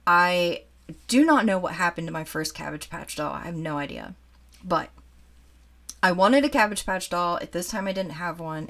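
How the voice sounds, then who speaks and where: A woman in her forties who collects dolls, telling a childhood story in a chatty, animated way while showing a doll to the camera. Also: on the low side. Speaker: doll collector and channel host. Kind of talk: casual storytime chat.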